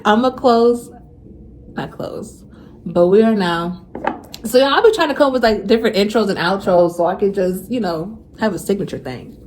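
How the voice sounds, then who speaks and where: A young woman speaks straight to her viewers in a relaxed, heartfelt faith vlog, circling back on key phrases for emphasis. Her voice sits at an average pitch and grows emotional when she talks about her faith. Faint noise sits underneath. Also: moderate pace. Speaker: faith vlogger. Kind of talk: casual heartfelt vlog talk.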